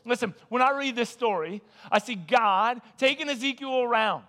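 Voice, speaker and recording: Guy pastor, higher voice, chatty animated sermon w/ jokes. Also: moderate pace. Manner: animated, joking storyteller. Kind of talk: casual conversational sermon.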